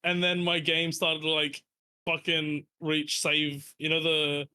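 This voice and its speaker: A man's voice: on the high side, monotone, takes it slowly, sharp tone, smooth. A man chatting casually on a podcast, rambling and swearing as he explains things. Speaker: podcast host. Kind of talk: casual chat.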